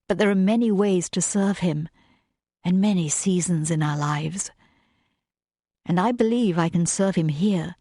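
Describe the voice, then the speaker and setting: A gentle, devout young governess, voiced by a woman reading aloud speaks softly and tenderly. Her voice is a little breathy and unhurried, recorded close with no room sound. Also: on the low side, dry recording. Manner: soft, wondering, tender. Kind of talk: audiobook narration.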